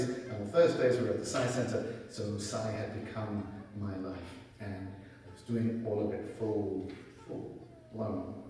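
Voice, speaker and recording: A middle-aged man telling a personal story in a relaxed, conversational way at a spiritual center, often quoting himself. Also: fairly low pitch, slight background noise. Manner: conversational storytelling, quotes himself in lively asides. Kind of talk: personal testimony talk. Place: large hall at a spiritual center. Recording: echoey hall, mic from far off.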